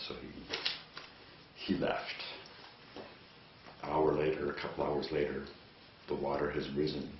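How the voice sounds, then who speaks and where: A man from Canada telling jokes in a dry, deliberate way, recorded from a distance in an echoey space. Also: rumbling low. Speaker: joke teller. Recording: distant, echoey, muffled with faint hiss.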